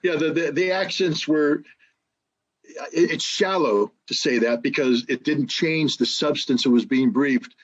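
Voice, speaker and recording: Man, husky, emphatic storyteller, dull lo-fi recording. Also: on the high side, a little slow. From United States. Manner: emphatic storyteller, frequent restarts and laughs. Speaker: guest, former weapons inspector. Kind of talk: casual conversation.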